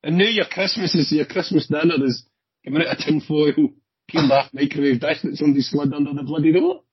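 A man with a Glaswegian accent, a former police officer, telling hurried, animated stories in a casual chat with some swearing. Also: on the high side, husky, no room sound. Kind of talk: casual anecdotal storytelling. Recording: dull lo-fi sound.

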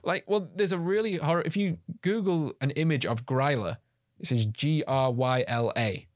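A man's voice: on the high side, normal speed, dry recording, clean studio sound. A man co-hosting a podcast in casual chat, teasing and laughing as he tells a story. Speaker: podcast co-host.

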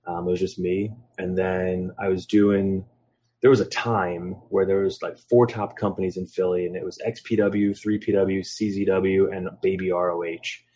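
A man's voice: sits low, flat delivery, moderate pace, warm tone, slight background noise. A man in his thirties from Philadelphia, a guest on a podcast, telling rambling stories full of ums and acting out quotes as he goes. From Philadelphia, USA. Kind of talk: casual storytelling interview.

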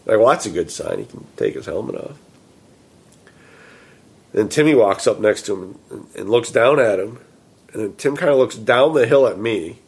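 A man casually telling a story, animated and quoting himself and his friends. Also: lowish voice, moderate pace, creaky, pauses often, husky.

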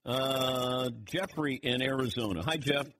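A man hosting a sports talk radio show, taking callers and reacting with lively opinions. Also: a little slow. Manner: animated, swings pitch widely.

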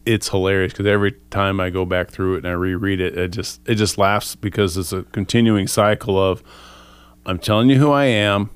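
A man talking casually in a group Bible discussion, a lively and self-mocking storyteller. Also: deep voice, brisk, hardly any pauses, clear, resonant tone, no room sound. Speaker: Bible study participant.

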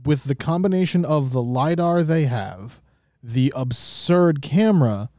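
A man with a fairly high voice co-hosting a podcast, full of crude jokes and laughing asides. The sound is dry and close. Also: expressive, a little slow, mellow, no room sound. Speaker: podcast co-host. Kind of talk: casual podcast banter.

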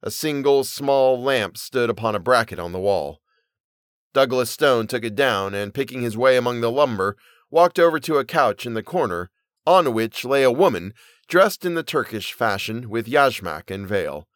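A man reading a Victorian short story aloud as storyteller, in steady, measured narration. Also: mid-range voice, dry recording, studio quality.

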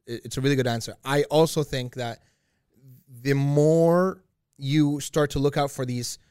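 A man in a relaxed conversation who rambles, restarts and hunts for the right words while he pushes back on his co-host. His voice is smooth and clear, and it is recorded dry and close. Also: mid-range voice, a little slow, no room sound. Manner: rambling, searching for words, challenging. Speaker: podcast co-host. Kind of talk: casual chat.

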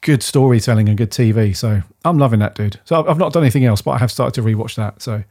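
Mellow, husky male podcast co-host. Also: mid-range voice, fast. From United Kingdom. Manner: rambling, enthusiastic, trails off softly. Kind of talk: casual chat.

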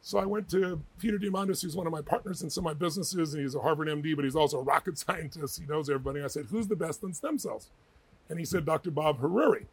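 A middle-aged man with a husky, slightly raised voice pours out stories at a rapid clip. He talks with emphatic energy and slips into the voices of the people he quotes. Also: a little high. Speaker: guest, author and speaker. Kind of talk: animated interview storytelling.

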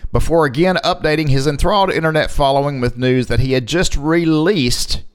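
A man's voice: fairly high pitch, brisk, clear, resonant tone. A man co-hosting a casual chat show, reading quirky news stories and joking as he goes. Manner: jokey, laughs often, reads quotes in a mock Australian accent. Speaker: podcast co-host.

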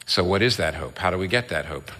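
A man's voice: low voice, expressive, quick pace, fairly bright tone. A male pastor preaching an earnest sermon that builds to emphatic peaks. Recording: long hall reverb.

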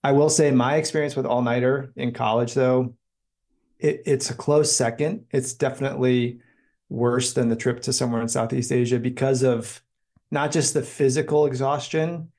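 Relaxed young man telling a story. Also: medium pitch, normal speed. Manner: relaxed, self-deprecating storyteller. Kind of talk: casual storytelling chat.

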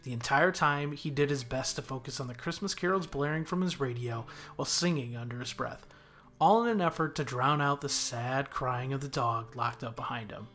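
Man, guest story narrator, steady measured reading, mid pitch, soft music underneath. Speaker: guest reader. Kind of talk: audiobook narration.

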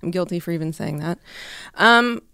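A woman's voice: on the low side, normal speed, bright, forceful tone, clean tone, no room sound, studio quality. A woman debating on a casual podcast, sarcastic and teasing, often breaking into laughs.

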